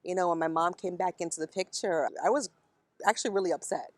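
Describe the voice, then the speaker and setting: Outdoors in a park, a middle-aged woman being interviewed talks candidly and emotionally about her own struggles, blunt and sometimes swearing. Her voice sits on the low side and she speaks fast, in a dry recording.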